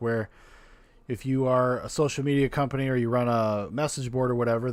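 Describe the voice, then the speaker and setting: A man hosting a podcast, casually reacting with animated, profane, rambling commentary. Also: mid-range voice, dry recording. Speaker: podcast host.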